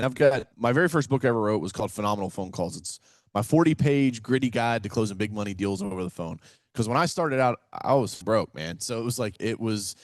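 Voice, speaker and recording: On the low side and recorded dry, this Kentucky real estate investor tells stories with energy on a casual podcast. Folksy and animated, he acts out phone calls and leans on "man" and "right?" a lot.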